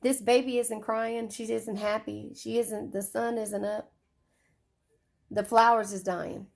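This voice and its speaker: Woman, tarot reader, casual reading, chatty, curses freely, gravelly voice. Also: on the high side, level tone, a little slow. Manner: chatty, swears, repeats phrases.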